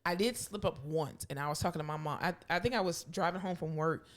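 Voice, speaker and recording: A woman co-hosting a podcast in casual chat, candid, laughing often and acting out quotes loudly. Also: lowish voice, fast talker. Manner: animated storyteller, acts out quotes loudly. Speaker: podcast co-host.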